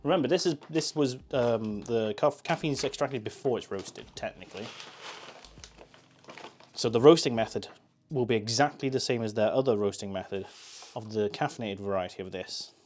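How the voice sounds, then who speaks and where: A man's voice: mid-range voice, normal speed, a little mellow, slight background noise. A man chatting casually on a live stream, joking and answering chat while he makes coffee.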